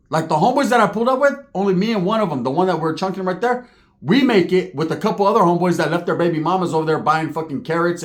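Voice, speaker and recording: Brief: man, slightly high voice, casual profane street storyteller, slang-heavy.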